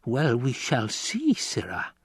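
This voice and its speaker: A man voicing a menacing old woman who speaks slowly and commandingly, recorded dry and close. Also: mid-range voice, huge pitch swings, slightly rough, no echo, full character voice. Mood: stern, menacing. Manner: slow, stern, commanding. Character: menacing old female witch-like crone.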